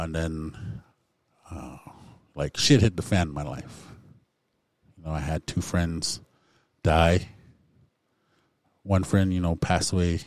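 A man with a very low voice recounts his own recovery story. He talks candidly and conversationally, with lots of fillers. The sound is close and dry. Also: a little mellow, no echo. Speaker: speaker sharing recovery story.

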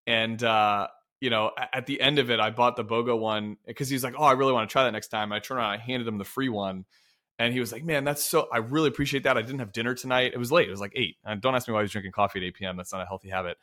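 A man co-hosting a podcast, chatting casually and telling an animated story. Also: medium pitch. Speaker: podcast co-host. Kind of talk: casual chat.

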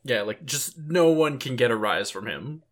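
A man's voice: mid-range voice, expressive, normal speed, fairly bright tone. Regular guy chatting on a podcast, laid back, lots of likes. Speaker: podcast co-host. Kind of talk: casual chat.

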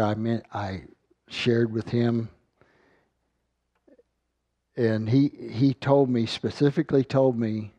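A man's voice: mid-range voice, warm tone, dry recording. A man giving an earnest sermon, reading scripture aloud and often repeating words as he finds his thought. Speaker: Bible teacher.

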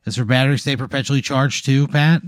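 A man's voice: medium pitch, fairly even intonation, fast talker, no echo, studio quality. A man co-hosting a podcast, bantering in a sarcastic, exasperated, profane way. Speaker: podcast co-host. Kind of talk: casual banter.

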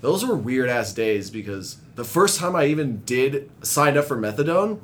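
A young man telling rambling, profane stories in casual chat, laughing often and growing animated as he retells them. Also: normal speed. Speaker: guest telling recovery stories. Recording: faint low rumble.

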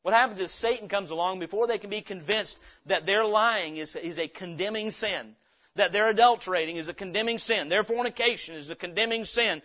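A man preaching a sermon as pastor, emphatic, swinging from quiet asides to loud, pressing lines and acting out a story. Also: high-pitched, brisk, dull audio.

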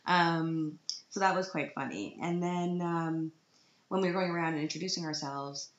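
A woman's voice: sits low, moderate pace, reverberant, highs cut off. A woman from Canada telling a casual vlog story in a chatty, self-mocking way, laughing often. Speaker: vlogger, autism group organiser.

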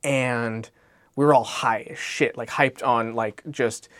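A man's voice: medium pitch, fairly even intonation, takes it slowly, fairly bright tone, no room sound. Rambling man telling a story. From Alaska. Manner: rambling, self-correcting storyteller. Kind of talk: casual chat, storytelling.

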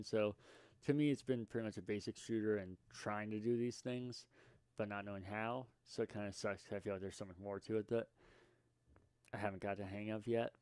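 Young man, solo podcast host, rambling chat, smooth lowish voice, dry close sound. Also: a little mellow, dry recording. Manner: rambling, self-deprecating, with frequent fillers and restarts.

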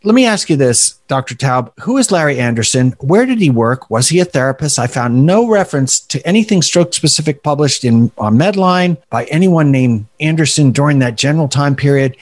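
A man hosting a podcast, telling stories in a casual, animated way and swearing now and then. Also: fairly high pitch, a little fast, hardly any pauses. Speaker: podcast host. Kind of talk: casual chat.

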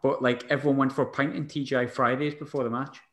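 A chatty man hosting a casual football talk, jokey and full of questions. His middle-pitched voice rings around an echoey room. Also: level tone, quick pace, fairly bright tone.

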